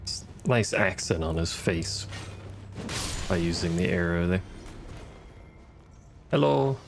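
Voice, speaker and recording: A man's voice: deep voice, steady tone, unhurried, a little hiss or hum. A man giving casual, wry commentary as he plays a game, muttering and swearing at enemies. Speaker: gaming streamer.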